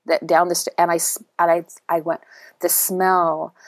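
A middle-aged woman with a slightly low voice talks through her memories in a halting, searching way. She restarts and repeats herself as she reaches for words. The sound is dry and close, with no room behind her. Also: little pitch movement, gravelly, dry recording. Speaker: guest, writing workshop teacher for veterans. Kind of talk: emotional personal interview.

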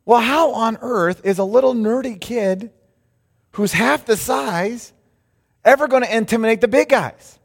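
A man preaching a sermon, telling a story with lively acted-out quotes. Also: extremely high pitch, unhurried, creaky, slightly rough, long reverb tail. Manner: animated storytelling, acts out quotes. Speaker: pastor.

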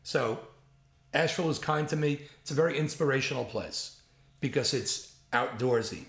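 Sixties New York writer, gravelly, spins lively anecdotes in an echoey room. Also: male voice, medium pitch, moderate pace. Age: 60s. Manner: animated anecdotal storyteller, gravelly. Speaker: guest, writer. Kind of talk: storytelling interview. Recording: roomy echo.

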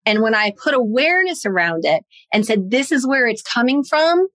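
A woman with a fairly high voice tells a personal story in a relaxed podcast conversation. She acts out what she and others said, with lively jumps in tone. The sound is close and dry. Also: normal speed, no echo. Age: adult, parent of a young son. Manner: animated, acts out her own and others' quoted lines.

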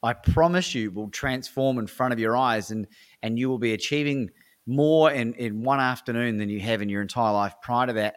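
Australian man, interview guest, energetic storyteller, mid-pitched voice. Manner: energetic, acts out dialogue, frequent restarts. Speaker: guest, speaker and coach.

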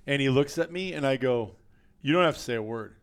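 Man, podcast co-host, lively storyteller, smooth resonant voice, dry close mic. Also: mid-range voice, a little fast, no room sound. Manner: animated storyteller acting out quotes. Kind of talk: casual hunting podcast storytelling.

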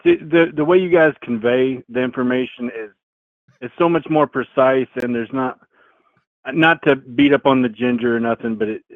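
A man's voice: mid-range voice, normal speed, no room sound. A man from Arkansas with a Southern accent, calling in to a show and talking earnestly about his lawn. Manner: earnest, rambling, casual cursing. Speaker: caller. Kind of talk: phone-in conversation. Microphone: phone. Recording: tinny phone line.

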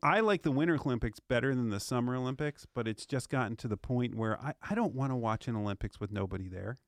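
A man's voice: medium pitch, quick pace, no echo, clean studio sound. A man co-hosting a sports radio show, bantering in a playful, coaxing way and stumbling over repeated words.

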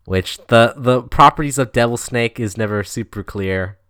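A man's voice: medium pitch, normal speed, a bit bright, smooth, no room sound. A man co-hosting a casual podcast, summarizing a movie's plot with dry, wry asides. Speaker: podcast co-host. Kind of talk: casual movie recap chat.

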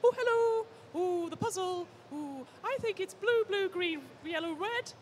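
A speaker voicing Gwen, a cheerful, helpful female paladin knight who chirps hints in a high, sing-song voice. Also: expressive, measured pace, a little hiss or hum. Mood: chirpy helpful. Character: cheerful helpful paladin knight woman, eager quest helper.

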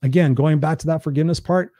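A man's voice: on the high side, steady tone, quick pace, dark tone, no room sound, studio quality. A man hosting a live stream, giving a blunt, preachy motivational talk in a casual, conversational way and swearing freely.

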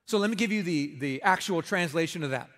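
A man's voice: on the high side, animated, a little fast, fairly bright tone, in a large hall. A man preaching a sermon in a conversational, emphatic way, with folksy humor. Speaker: pastor.

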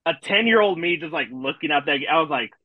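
A man's voice: on the high side, lively intonation, fast talker, dry recording, phone-quality sound. A man co-hosting a casual chat, reminiscing in a rambling way full of fillers. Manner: nostalgic, rambling with many fillers. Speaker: podcast co-host.

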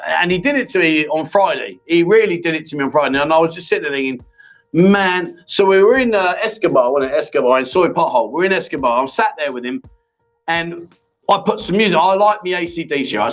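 A man's voice: on the high side, expressive, fairly quick, a bit bright. A man hosting a casual live-stream chat show, bantering with a co-host and reading viewer comments aloud. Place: bar or venue. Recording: slightly dull sound with faint music.

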